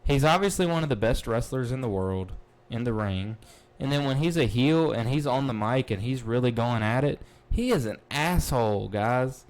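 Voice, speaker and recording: Male podcast host, mid-pitch, excitable and blunt, casual wrestling recap. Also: moderate pace. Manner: excitable, blunt, swears freely.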